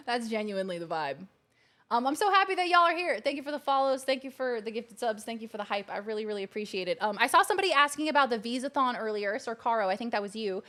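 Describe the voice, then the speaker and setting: A woman's voice: fairly high pitch, lively intonation, fast, sharp tone. A woman streaming a video game from her couch at home, chatting casually and gushing thanks to her viewers. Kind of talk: casual live-stream chat. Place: living room couch at home.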